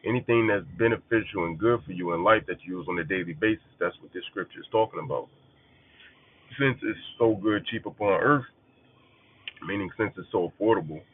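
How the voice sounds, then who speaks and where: Low-voiced guy preaching casually, swears a lot, repeats his points, sounds like a phone line. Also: a little fast, breathy edge. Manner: blunt, profane, emphatic repetition. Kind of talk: casual scripture teaching. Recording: phone-like narrow band.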